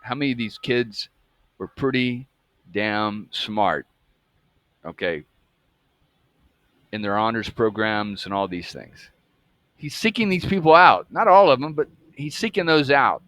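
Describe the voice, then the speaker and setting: A man's voice: medium pitch, expressive, unhurried, pauses often, fairly bright tone, no echo. A man in his fifties from the US South, talking in an emphatic, profane monologue that keeps checking in with his listeners. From Atlanta, US South. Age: 50s. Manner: emphatic, profane, keeps asking "okay?" and "folks". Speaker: true-crime channel host. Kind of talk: casual monologue.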